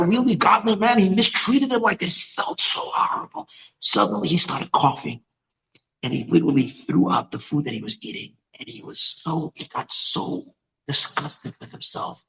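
Male preacher, storytelling sermon, animated, gravelly, keeps restarting phrases. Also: high-pitched, low-quality recording. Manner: animated, with frequent repeats and restarts.

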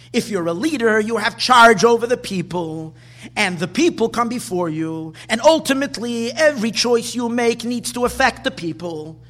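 A man giving an animated Torah class, driving his points home with rhetorical questions and repeated phrases. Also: high-pitched. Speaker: Torah teacher.

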